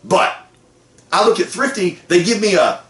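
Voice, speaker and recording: A man hosting a car sales meeting, giving an energetic, folksy motivational pep talk. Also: high voice, normal speed, roomy sound. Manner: energetic, folksy, lively with whoops.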